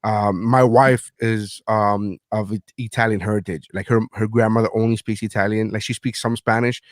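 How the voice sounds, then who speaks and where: A man's voice: fairly low pitch, steady tone, moderate pace, no room sound, studio quality. A middle-aged man hosting a podcast, telling stories in casual chat and acting out his own lines, swearing freely. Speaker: podcast host.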